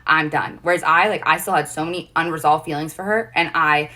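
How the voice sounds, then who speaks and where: A woman's voice: low voice, quick pace, pushed and bright. A young woman telling a personal story in casual chat, rambling and earnest, with lots of fillers and restarts. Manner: emotional, earnest.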